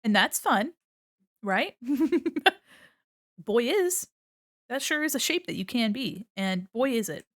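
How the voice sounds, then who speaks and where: A woman's voice: a little high, expressive, slow pace, pauses often, fairly bright tone, no room sound. A woman streamer chatting casually while she draws, playful and giggly, laughing often and talking to her chat at a desk mic. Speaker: art streamer. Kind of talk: casual commentary while drawing.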